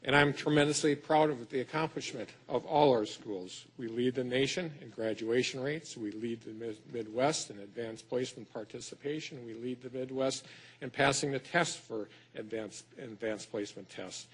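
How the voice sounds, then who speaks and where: A middle-aged man with a Wisconsin accent speaks at normal speed in a medium-pitched voice with a breathy edge. He's Wisconsin's state schools superintendent, giving a folksy, self-deprecating conference talk in a lecture hall, with many fillers and restarts.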